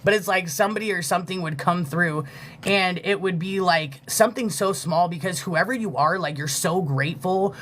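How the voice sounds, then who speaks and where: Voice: mid-range voice, moderate pace, a bit bright. A live-stream spiritual reader speaking casually and from the heart, swearing freely, leaning on fillers, and stopping to thank viewers. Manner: thanks viewers for gifts mid-reading.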